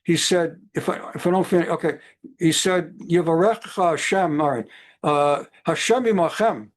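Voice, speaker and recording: A man teaching a Torah class over a video call, digressive and lively, sprinkling in Hebrew terms. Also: a little high, normal speed. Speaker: rabbi teaching a Bible class.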